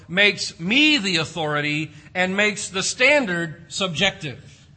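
A man preaching a sermon, swinging between loud emphasis and hushed, quiet drops. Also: high-pitched, big pitch swings, unhurried. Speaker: pastor.

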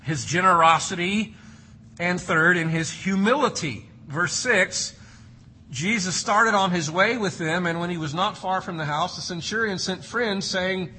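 A man's voice: sits high, measured pace, sharp tone, husky, poor audio. A man preaching an expository sermon, reading scripture and explaining it with emphatic, varied delivery. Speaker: pastor.

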